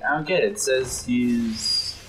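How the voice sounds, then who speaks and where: A young man giving jokey, excitable let's play commentary, reacting to the game and putting on silly voices for the enemies. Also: medium pitch, unhurried, faint music behind. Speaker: gameplay commentator.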